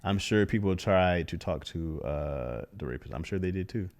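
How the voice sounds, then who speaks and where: Guy cohosting a podcast, lively voice, casual back and forth. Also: low voice, normal speed, gravelly. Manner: animated, reads listener comments aloud. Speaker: podcast co-host.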